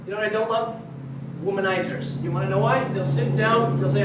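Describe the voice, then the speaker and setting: A high-voiced teenage man works through a stand-up set on a club stage, chatty and breaking into laughter at his own lines. He is caught from a distance on a mic stand, so the voice bounces around a very echoey room. A steady background noise sits under him. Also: a little fast. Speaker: stand-up comedian. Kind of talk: stand-up routine.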